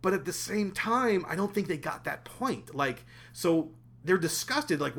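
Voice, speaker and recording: A man co-hosting a casual film podcast, his voice sitting a bit high and swinging widely up and down. He talks in animated bursts, often stopping and restarting his sentences. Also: measured pace, gravelly, hardly any pauses. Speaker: podcast co-host.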